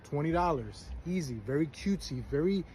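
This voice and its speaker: A man's voice: fairly high pitch, animated, a little fast, darkish tone, slight background noise, rough recording. A man bragging playfully in a comedy skit, recorded outdoors. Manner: boastful, playful.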